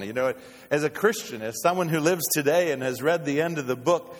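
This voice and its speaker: Pastor preaching in a reverberant hall. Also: male voice, fairly quick. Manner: dynamic preaching, swinging from loud exclamations to hushed low tones. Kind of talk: sermon. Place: church sanctuary.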